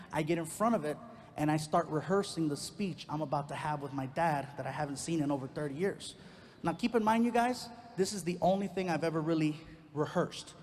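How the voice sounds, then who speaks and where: High-pitched man telling a stage story. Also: a little hiss or hum. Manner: animated, acts out other voices. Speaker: stand-up comedian. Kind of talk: stand-up storytelling. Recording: live hall recording with long reverb.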